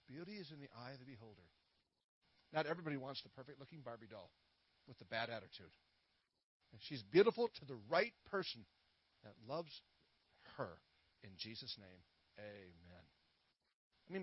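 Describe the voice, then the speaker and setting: A man's voice: high-pitched, slightly rough, dry recording, highs cut off. A middle-aged man, preaching a sermon with prayers, full of playful corny jokes. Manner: playful, corny jokes and laughs at his own puns.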